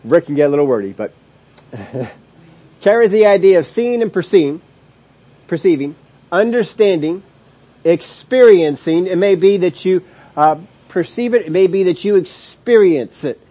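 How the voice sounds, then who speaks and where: A man teaching a sermon series on scripture, explaining word meanings emphatically, stretching key words slowly and chuckling between points. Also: high-pitched, expressive, dark tone. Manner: explanatory, emphatic, with slow drawn-out stresses on key words and frequent restarts. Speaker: Bible teacher.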